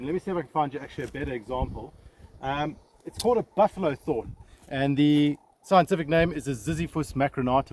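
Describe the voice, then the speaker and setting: A man working as a safari ranger, talking casually and chattily as he guides viewers through the bush from a vehicle. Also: fairly high pitch. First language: English. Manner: relaxed, chatty, self-deprecating with frequent fillers. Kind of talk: casual guided nature talk. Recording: noisy outdoor field recording. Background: steady outdoor noise.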